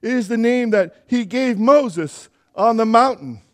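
A man's voice: very high-pitched, expressive, a little slow. A younger man preaching a sermon as pastor in a church, earnest and building to emphatic exhortation.

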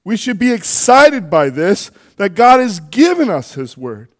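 A man with a high-pitched voice preaches a sermon in church. He keeps it conversational, with asides and self-corrections as he goes. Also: big pitch swings, a little slow.

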